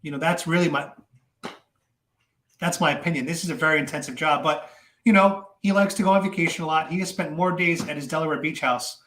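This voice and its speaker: A man giving casual political commentary to his viewers, animated and chatty with many fillers and repeats. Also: fairly high pitch, fairly quick, echoey room, a little hiss or hum.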